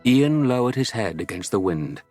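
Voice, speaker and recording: A man reading an audiobook as narrator, telling the story in a measured way. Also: mid-range voice, big pitch swings, over music. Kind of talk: scripted narration.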